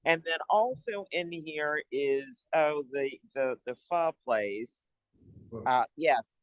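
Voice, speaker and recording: A man on city economic development staff, giving an upbeat, chatty update to a public board meeting and pausing now and then to find his papers. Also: a little high, no echo, poor audio.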